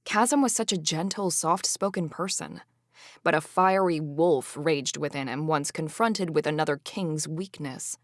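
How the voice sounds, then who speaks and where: A woman narrating a fantasy audiobook in the first person, expressive and indignant. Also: sits low, measured pace, dry recording, studio quality.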